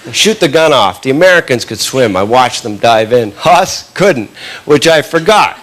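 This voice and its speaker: A comedian spins a long stand-up yarn in a lively, punchy voice at an everyday male pitch. He keeps tagging his lines with quick asides to the crowd. A steady wash of background noise sits under the live recording. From Canada. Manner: animated, punchy delivery with frequent tag questions. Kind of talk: stand-up storytelling.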